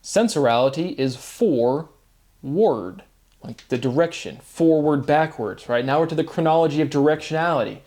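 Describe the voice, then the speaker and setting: A man's voice: fairly high pitch, animated, normal speed, a little mellow. A man speaking a rambling solo monologue, free-associating wordplay, asking himself rhetorical questions and tagging lines with "right?". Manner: often tags lines with "right?" and chuckles at himself. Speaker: solo video monologue host.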